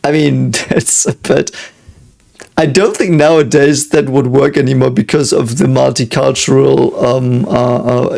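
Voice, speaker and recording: A German man with a German accent talking in English, chatting casually over a show he is watching. His mid-pitched voice has a gravelly, fry-laden edge. He hesitates constantly, stacks up fillers and restarts, and breaks into little chuckles. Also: darkish tone. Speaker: reaction video host. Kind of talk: casual reaction commentary.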